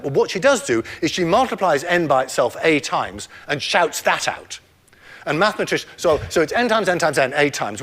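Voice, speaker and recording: A man's voice: on the high side, fairly bright tone, slightly rough. An older man giving a public lecture, explaining math step by step in a playful way and quizzing his audience.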